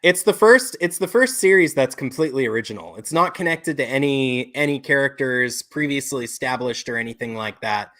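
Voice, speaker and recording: Male co-host, casual, measured, agreeable, mid pitch. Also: animated, a bit bright. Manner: measured, agreeable, lots of mm-hmms. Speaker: podcast co-host. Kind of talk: casual chat.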